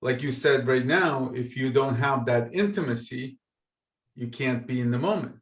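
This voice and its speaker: A man co-hosting a casual podcast, agreeing and reflecting calmly on being in the moment. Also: mid-range voice, normal speed. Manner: agreeable, reflective, adds brief affirmations. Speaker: podcast co-host. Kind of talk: casual chat. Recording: echoey room.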